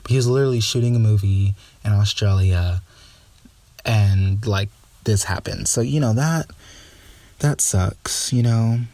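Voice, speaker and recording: A man's voice: fairly low pitch, unhurried, dark tone, dry recording. A young man hosting a casual solo podcast, talking in a sassy, gossipy way with lots of filler words. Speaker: podcast host.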